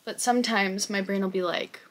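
A woman's voice: medium pitch, steady tone, a little fast, fairly bright tone. Young woman, casual crochet vlogger at home, rambling and self-deprecating, mid-range voice. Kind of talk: casual vlog chat.

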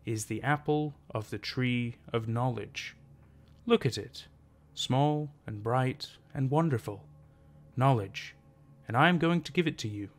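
A man doing a slow, brooding stranger. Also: fairly high pitch, animated, fairly bright tone, faint music behind. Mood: musing. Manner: slow and deliberate.

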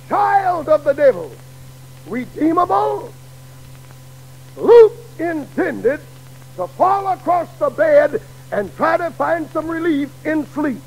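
A middle-aged man preaching a sermon in a dramatic way that builds to shouts, on an old radio broadcast. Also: very high voice, creaky, rough recording.

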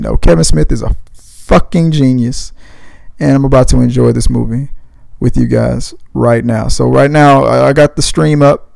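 Gravelly, rambling, profane young man. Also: medium pitch, a little mellow, no echo, low-quality recording. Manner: rambling, profane, laid-back. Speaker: podcast host. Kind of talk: casual movie commentary.

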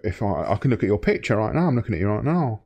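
A man on a prank call with a very deep, dark voice. He talks in a creepy, whiny way, stammers and breaks into squeaky yelps. He is mellow in tone but needling throughout. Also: very animated, very fast, slightly rough, lo-fi sound. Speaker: prank caller.

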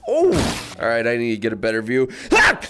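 Crude, wildly swinging gamer. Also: male voice, wildly swooping pitch, fairly quick, background noise. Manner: crude, loud, swinging pitch, laughing. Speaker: gaming YouTuber. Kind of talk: let's play commentary. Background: game music.

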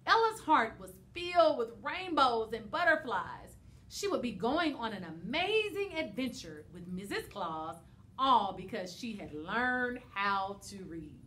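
A woman teacher reading a holiday storybook aloud to young children, expressive and animated. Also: fairly high pitch, unhurried.

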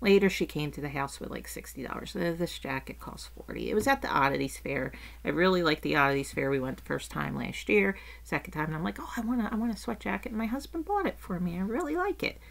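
Woman, middle-aged, casual rant, bright tone, lively swings, swears freely. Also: low voice, fast, gravelly, hardly any pauses. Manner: animated, swears casually, acts out quotes. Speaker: vlogger.

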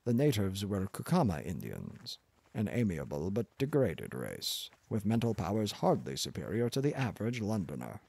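A man's voice: wildly swooping pitch, normal speed, gravelly, darkish tone, breathy edge, no room sound, full character voice. A man reading as a pompous old professor. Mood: lecturing. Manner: booming, lecturing, condescending. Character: pompous arrogant older male professor.

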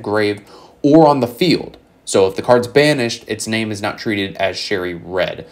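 A young man with a somewhat low voice talks through a card game deck in a loose, hyped way. He jokes and swears freely while he explains it. He is recorded on a desk mic in a room at home. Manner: hype, profane, joking. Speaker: card game content creator. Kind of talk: casual deck breakdown.

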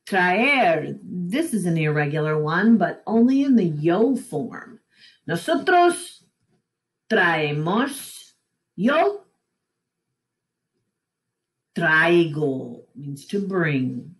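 A woman teaching a recorded Spanish lesson from home, slowly and deliberately drilling conjugations one by one. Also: fairly low pitch, sing-song. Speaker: high school Spanish teacher. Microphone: computer mic while screen recording.

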